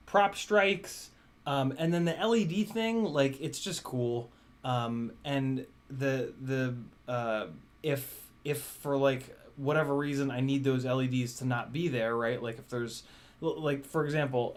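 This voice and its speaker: A man chatting casually on a live Q&A stream, laughing often, swearing and scolding his cat. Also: mid-range voice. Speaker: drone streamer. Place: home room with glass doors.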